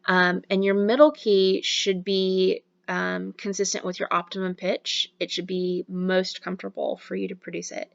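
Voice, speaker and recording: A woman's voice: mid-range voice, flat delivery, moderate pace, creaky, hardly any pauses, highs cut off. A woman giving a recorded university lecture on voice and diction, explaining with frequent fillers.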